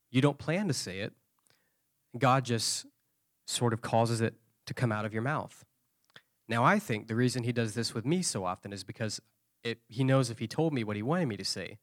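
A man preaching at a conference, telling a story with lively shifts of voice. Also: medium pitch, no echo, studio quality. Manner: animated storyteller, acting out quoted voices. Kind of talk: sermon storytelling.

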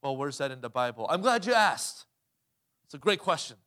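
Male pastor mid-sermon, emphatic, fairly high voice. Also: big pitch swings, fairly quick, bright, forceful tone. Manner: emphatic, asks the crowd questions, calls "Amen?".

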